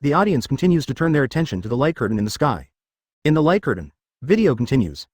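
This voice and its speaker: A man narrating a fan-made story in scripted narration, with a steady reading manner. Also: mid-range voice, fast, husky, no room sound, clean studio sound.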